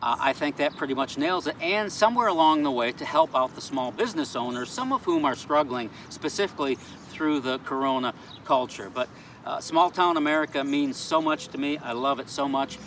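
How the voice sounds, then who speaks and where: A man with a fairly high voice chats earnestly to camera outside in a town square. He is picked up from a distance, with cars and street noise clearly behind him. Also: lively intonation, a little fast, fairly bright tone. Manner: earnest, chatty, playfully pleading. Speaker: vlogger. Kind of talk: casual outdoor vlog.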